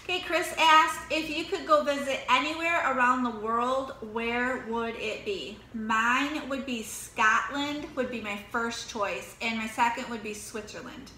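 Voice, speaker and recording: Middle-aged mom, high bright voice, laughs a lot, echoey room with light hiss. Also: female voice, a little slow, few pauses. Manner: laughs often, calls on each family member in turn. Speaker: mother of the family. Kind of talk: casual family chat.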